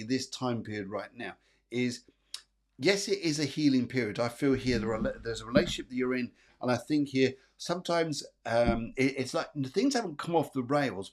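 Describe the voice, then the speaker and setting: Hosting a live-streamed psychic show, a middle-aged male medium reads viewer comments aloud and offers reassuring readings full of fillers and repetition. His mid-range voice is animated and moves at a moderate pace.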